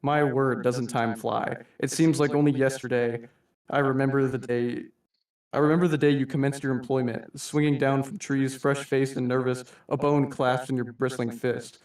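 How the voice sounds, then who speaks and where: Man doing a masked male anarchist, mock-polite, formal, measured, roomy sound. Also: medium pitch, level tone, a little mellow, close to an everyday voice. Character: V, theatrical masked male anarchist lecturing humanity like a boss. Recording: roomy, distant mic.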